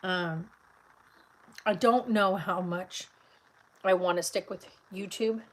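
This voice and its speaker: A woman's voice: medium pitch, takes it slowly, rough recording. Tired rambling woman vlogger. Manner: rambling, filler-heavy, tired. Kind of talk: casual chat. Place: car.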